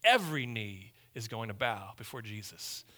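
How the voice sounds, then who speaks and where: Bright-voiced emphatic male preacher. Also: fairly low pitch, lively intonation, moderate pace. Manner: emphatic, repetitive, swings between loud and hushed. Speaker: pastor. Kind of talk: sermon.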